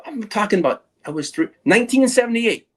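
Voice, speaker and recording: A man's voice: high voice, brisk, husky. A middle-aged man co-hosting a casual livestream chat, telling rambling stories with lots of laughs. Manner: rambling, animated storytelling with laughs. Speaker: show co-host.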